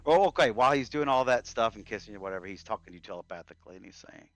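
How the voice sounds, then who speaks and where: A man's voice: fairly low pitch, animated, very fast, dry recording, highs cut off. Laid-back male game master. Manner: laid-back, rambling, lots of fillers. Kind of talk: casual tabletop game narration.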